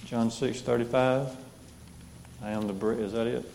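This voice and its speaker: A man's voice: mid-range voice, steady tone, normal speed, gravelly, a little mellow, in a large hall, slight background noise. A man teaching a Bible class, reading scripture aloud and asking the group questions.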